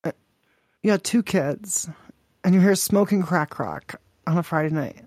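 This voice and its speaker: A man hosts a prank podcast, delivering crude, mocking prank call banter in a rambling way. His voice sits high, a little slow, with a darkish tone, and the sound is dry and close with no echo.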